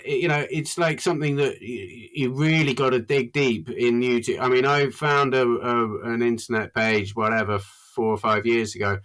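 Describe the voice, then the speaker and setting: A man talking as a podcast guest in a garden, halting and full of fillers with bursts of emphasis. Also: mid-range voice, fairly even intonation, fairly bright tone. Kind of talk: casual chat. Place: garden outdoors.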